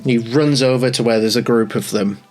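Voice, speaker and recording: Low-voiced British woman game master. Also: darkish tone. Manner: descriptive, unhurried storytelling. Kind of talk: narrating a tabletop game.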